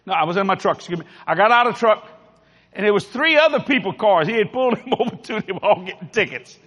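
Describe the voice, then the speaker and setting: Preacher, male, New Orleans accent, bright emphatic voice, folksy storytelling in a reverberant hall. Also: high voice, expressive, quick pace, muffled recording. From New Orleans, Louisiana. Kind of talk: storytelling sermon.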